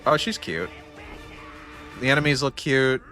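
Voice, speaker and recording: A man's voice: mid-range voice, expressive, unhurried, pushed and bright, soft background music. A man streaming his reaction to a game showcase, overexcited and teary, exclaiming and repeating himself. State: teary, says he is in tears. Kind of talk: excited live stream reaction.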